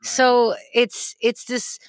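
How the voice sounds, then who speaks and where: A young adult woman co-hosting a podcast, arguing her point emphatically in casual chat, sometimes talking fast. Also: on the high side, flat delivery, no room sound. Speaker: podcast co-host.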